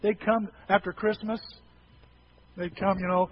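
A man delivers a humorous sermon in a folksy storytelling way, his voice pitched high for a man. The recording is a little dull, with a faint hiss behind him. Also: animated, normal speed. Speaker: preacher.

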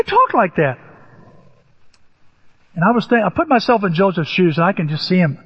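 A male pastor with a Southern Illinois accent preaches in a high, lively voice that swoops as he acts out the people in his story. His tone is a little husky. The sound is a dull, poor-quality recording with long reverb from a large hall. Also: normal speed, pauses often. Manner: animated, acts out Joseph's lines in a raised voice. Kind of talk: sermon.

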